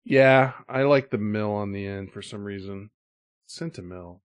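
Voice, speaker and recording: A man's voice: on the low side, unhurried, clean tone, no echo, studio quality. A man bantering on a casual podcast, joking and swearing as he guesses quiz answers.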